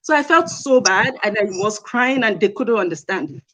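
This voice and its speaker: Guest, woman, earnest storyteller, emphatic and repetitive, mid-pitched voice. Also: expressive, normal speed, a bit bright, rough recording. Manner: earnest, emphatic, repeats key points. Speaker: guest speaker. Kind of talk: personal storytelling in a live-stream interview.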